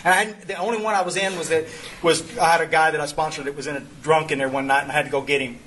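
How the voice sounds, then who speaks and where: A man's voice: on the high side, fairly even intonation, very fast, fairly bright tone, slight background noise. A middle-aged man, telling a rambling, humorous story to a recovery group, full of restarts. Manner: rambling, self-interrupting, humorous. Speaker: sponsor leading a twelve-step study. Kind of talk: folksy storytelling talk to a group.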